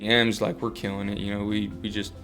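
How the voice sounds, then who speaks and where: Fast-talking young man, flat and low. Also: over music. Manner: earnest, fast, with many fillers and restarts. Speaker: baseball player interviewee. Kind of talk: casual interview.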